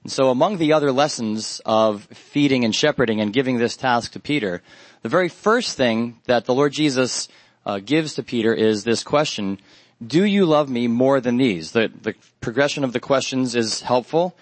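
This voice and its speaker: Male preacher, middle pitch, earnest and measured, close dry sound. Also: lively intonation, no echo. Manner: measured and earnest, with pauses and fillers. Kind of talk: Bible study sermon.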